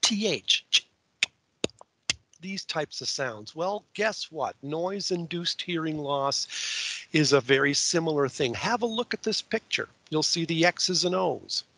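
A man's voice: fairly high pitch, animated, unhurried, a bit bright, no echo. A man with a Canadian accent giving a webinar presentation as guest speaker, folksy, with joking asides.

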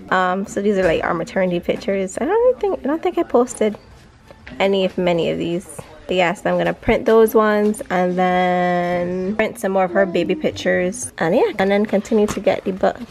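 A woman's voice: mid-range voice, gravelly, darkish tone, slight background noise, poor audio. A woman and mother talking casually in a vlog, chatty and loose with fillers. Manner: playful sing-song when counting with her baby. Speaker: mother and vlogger.

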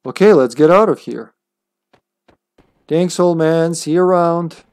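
A man's voice: fairly high pitch, a little slow, a little mellow, smooth, no echo, clean studio sound. A man chatting playfully and laughing as he plays a game on a live stream.

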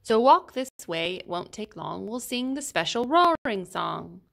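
A woman reading a children's picture book aloud in an expressive, sing-song storytelling manner. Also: mid-range voice, a little slow, vocal fry, few pauses. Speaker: storybook reader.

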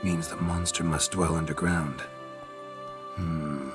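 A gruff monster hunter in a video game, speaking in short, dry, clipped lines. His voice sits very low and steady. Game music runs underneath him. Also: slow pace. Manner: terse, dry.

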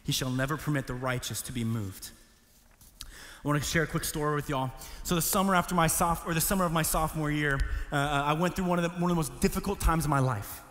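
Young preacher in a reverberant hall. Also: male voice, a little high. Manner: storytelling, swinging from hushed to pleading. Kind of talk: sermon. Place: church hall.

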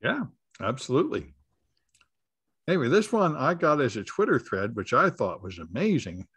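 A man's voice: mid-range voice, very animated, normal speed, fairly bright tone, husky. A man hosting a casual panel discussion, making dry, musing remarks. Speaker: host.

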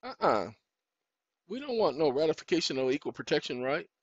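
A man's voice: on the high side, sing-song, a little fast, no room sound. A man hosting his own online show, chatting casually as he searches on a computer, scolding it aloud and spelling out words letter by letter. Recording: dull lo-fi dry recording.

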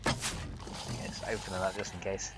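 Chatty gamer with game noise. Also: male voice, low-pitched, normal speed. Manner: chatty running commentary with sudden excited exclamations. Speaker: gaming video host. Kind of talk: let's play commentary. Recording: game sounds with insect buzz behind.

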